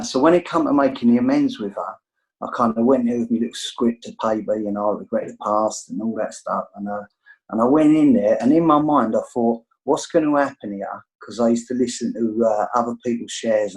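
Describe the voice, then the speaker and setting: A man's voice: mid-range voice, a little fast, darkish tone, low-quality recording. A man with an English accent sharing his recovery story on a video call, reflective and rambling, often ending his thoughts with a questioning "right?". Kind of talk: candid personal share on a video call.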